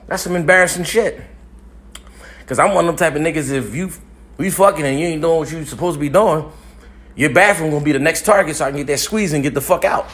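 A man's voice: fairly high pitch, fairly bright tone. A young man telling a crude, boastful comic story, profane and often laughing as he talks.

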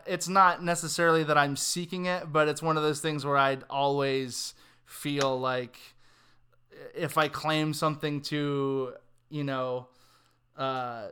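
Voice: mid-range voice, sharp tone, clear, resonant tone. A person in casual conversation, reflective and self-doubting, laughing now and then while talking.

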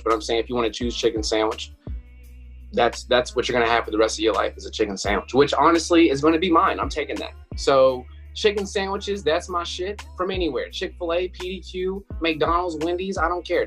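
A man's voice: on the high side, a little fast, fairly bright tone, slightly rough, faint music behind. Laid-back young man hosting a podcast. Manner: laid-back, laughing, introduces segments. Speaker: podcast co-host. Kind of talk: casual chat.

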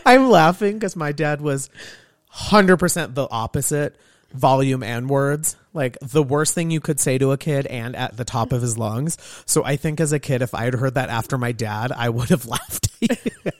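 A man's voice: medium pitch, normal speed, no room sound. A man who works as a hairstylist, telling stories in a casual podcast chat. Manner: storytelling, lively and chatty.

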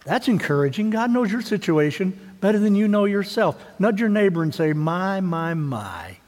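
A man's voice: high voice, brisk, a little mellow. A man preaching a sermon as pastor, talking in a casual, conversational way, asking the congregation many questions and often repeating words. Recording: long reverb of a church hall.

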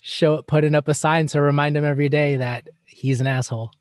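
A man's voice: fairly high pitch, fairly even intonation, a little fast, a little mellow, no room sound, clean studio sound. A man interviewing a guest, wry and congratulatory. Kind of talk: casual interview chat.

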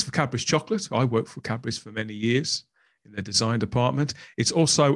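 A middle-aged man with a Birmingham accent, a guest on a podcast, chatting in an animated, jokey way. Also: mid-range voice. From England. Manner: animated, jokey, laughs easily. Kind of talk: casual chat.

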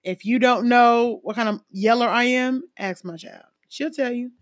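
A woman's voice: a little high, moderate pace, dry recording. Chatty woman with a dry close sound. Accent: American with Jamaican-family roots. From Caribbean, Jamaican family. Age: adult, a mother. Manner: conversational, lots of fillers, animated emphasis. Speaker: speaker sharing personal stories. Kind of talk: casual personal talk.

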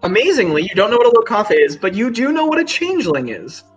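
Brief: male game master, slightly high voice, relaxed rambling narration, soft music under. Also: quick pace, dull audio. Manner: casual, rambling with fillers.

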